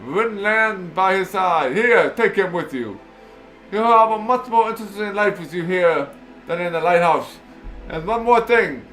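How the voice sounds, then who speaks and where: A man's voice: sits high, lively intonation, unhurried, fairly bright tone, faint music behind. A man voicing a lonely, effusive lighthouse keeper in a fantasy game. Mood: gushing. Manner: gushing, effusive.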